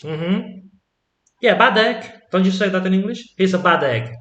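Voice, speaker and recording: A man teaching an online Spanish lesson, explaining slowly and patiently and checking in with "yeah?" after his examples. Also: sits high, lively intonation, fairly bright tone, roomy sound, dull audio.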